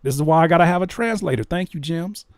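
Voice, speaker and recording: A man hosting a casual reaction commentary, talking in an animated, incredulous way that jumps high when he is baffled. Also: fast talker, no room sound, studio quality. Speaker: reaction video host.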